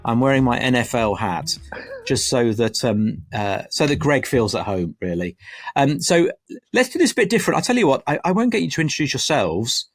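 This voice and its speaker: A man hosts a relaxed podcast conversation, teasing his guests with a lively, rising and falling delivery. Soft music plays faintly behind him. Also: medium pitch, fairly quick. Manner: playful, teasing, lively intonation. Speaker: podcast host. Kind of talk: casual podcast chat.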